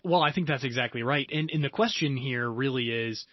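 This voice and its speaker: A man's voice: medium pitch, fairly quick, no room sound, dull audio. A man hosting a marketing podcast, upbeat and steering the talk with questions. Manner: upbeat, leads the discussion with questions. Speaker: podcast host. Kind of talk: casual podcast chat.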